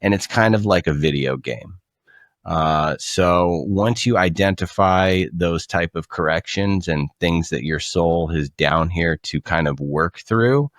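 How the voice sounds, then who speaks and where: A man on a podcast, telling a story in a relaxed, animated way and often repeating words as he starts a thought. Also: deep voice, no echo, studio quality. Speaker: podcast guest. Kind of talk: casual storytelling.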